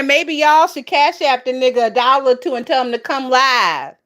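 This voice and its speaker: A woman's voice: fairly high pitch, animated, moderate pace, hardly any pauses. A woman hosting a casual gossip livestream, reading viewer comments and laughing often. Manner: laughs often, loud and amused.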